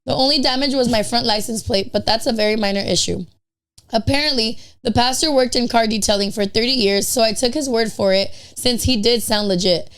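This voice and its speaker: A woman's voice: fairly high pitch, brisk, clear, resonant tone. A woman hosting a podcast, telling a story in a chatty way. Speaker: podcast host. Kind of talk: casual chat, reading a prepared story.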